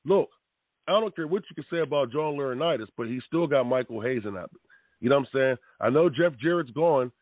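A man's voice: medium pitch, animated, fairly quick, no echo. A man hosting a wrestling talk show, giving fiery, rambling opinions full of slang and pleading asides. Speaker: radio host. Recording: tinny phone-like dry sound.

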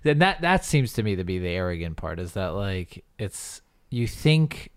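A man's voice: low-pitched, sing-song, normal speed, clear, resonant tone, dry recording, studio quality. A man co-hosting a podcast, chatting casually about politics and arguing his point with sarcasm. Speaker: podcast co-host.

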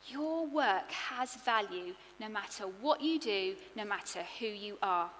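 A woman preaching a sermon, earnest and expressive, building her points in rhythmic lists. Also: medium pitch, a little slow, long reverb tail, a little hiss or hum.

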